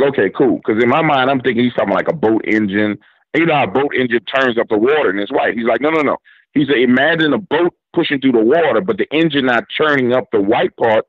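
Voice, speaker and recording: A man's voice: mid-range voice, husky, dry recording. A man from New Orleans with a New Orleans accent, a guest telling a story on a radio show in a casual, slangy way, acting out both sides of a conversation. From New Orleans, Louisiana. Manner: retells story with quoted back-and-forth dialogue, drawling casual slang. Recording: dull lo-fi radio audio.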